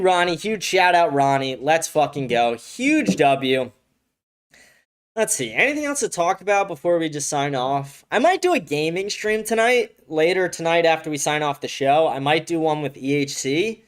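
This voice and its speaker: Young male streamer, slightly high voice, blunt and profane, ranting with sudden excited outbursts. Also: moderate pace. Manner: animated, bursts of excited shouting. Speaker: livestream show host. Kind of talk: casual livestream commentary. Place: home, with a dog nearby.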